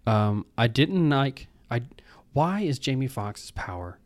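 A man co-hosting a casual movie podcast, animated and acting out quotes as he talks. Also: medium pitch, slow pace, no room sound. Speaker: podcast co-host. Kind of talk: casual chat.

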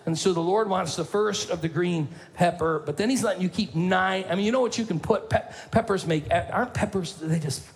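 A man preaching as a pastor in a playful, animated way, calling out to his congregation. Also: on the high side. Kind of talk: sermon.

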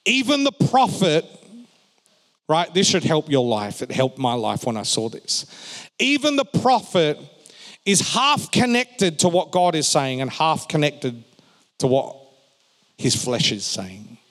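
A male pastor preaching a sermon, swinging between emphatic raised phrases and quiet, joking asides to the congregation. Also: on the high side, sing-song, measured pace. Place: church hall. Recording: long reverb of a large hall.

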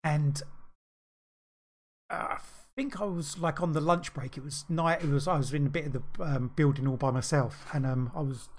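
A man's voice: a little high, steady tone, moderate pace. A man co-hosting a podcast, telling a rambling story in casual chat, full of restarts and fillers. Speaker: podcast co-host.

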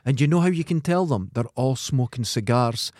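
A man's voice: medium pitch, lively intonation, fairly quick, a little mellow, no echo. A Scottish man with an ordinary mid-range voice, trading crude jokes and film gripes in loose podcast chat. The sound is close and dry, with no room around it. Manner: crude, joking, tells jokes with put-on voices. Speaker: podcast co-host. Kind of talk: casual film review chat.

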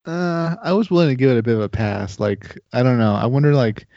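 Man, podcast co-host, mellow dark voice, hesitant, dry muffled recording. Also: mid-range voice, brisk, gravelly, no echo. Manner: relaxed, hesitant, many fillers. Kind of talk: casual chat. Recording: dry, dull lo-fi audio.

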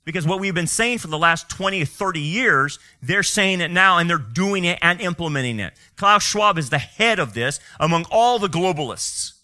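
A male pastor delivers a fiery sermon, pressing his points with rhetorical questions and sarcastic asides. His voice is bright and edgy, and it swings widely in pitch, sitting a little above the usual range for a man. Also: lively intonation, moderate pace, hardly any pauses.

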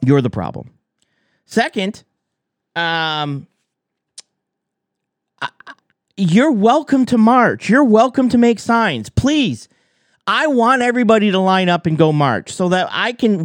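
A man's voice: sits high, lively intonation, unhurried, no echo. A man giving heated commentary on trucking, arguing with rhetorical questions. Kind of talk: reaction commentary.

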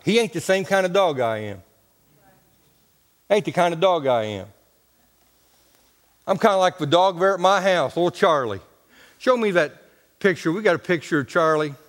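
Brief: homespun male preacher, high for a man, in a church with long reverb. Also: expressive, normal speed, long pauses. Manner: homespun and colloquial, talks to the congregation. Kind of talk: folksy storytelling sermon.

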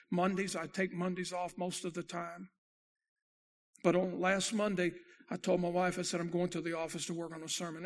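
A pastor preaches a sermon in a gravelly, rough-edged voice that is high for a man. He tells his story dramatically, swelling to loud peaks and then falling to near hush.

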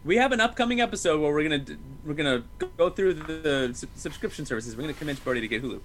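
A man in his thirties co-hosting a podcast, chatting casually about movies in a jokey, animated way with many restarts. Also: on the high side, very fast, a little hiss or hum. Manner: jokey, animated, self-interrupting. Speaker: podcast co-host. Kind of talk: casual movie-review chat.

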